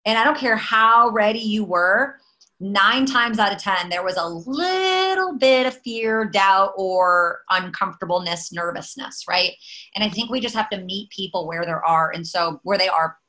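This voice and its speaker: A woman in her thirties, a network marketing team leader, talking in an animated, emphatic, chatty way with lots of fillers. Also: medium pitch, measured pace, rough recording. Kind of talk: casual talk.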